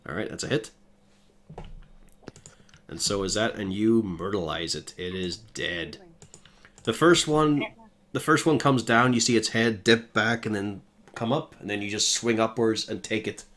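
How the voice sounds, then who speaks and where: A man running a tabletop game as game master, calling hits and describing combat in a relaxed way. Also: lowish voice, a little slow, pauses often.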